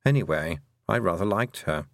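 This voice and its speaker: A man's voice: sits low, expressive, normal speed, creaky, no echo. A man voicing a sarcastic, dry-witted talking toad in an audiobook. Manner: sarcastic, drawling. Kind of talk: audiobook character voice.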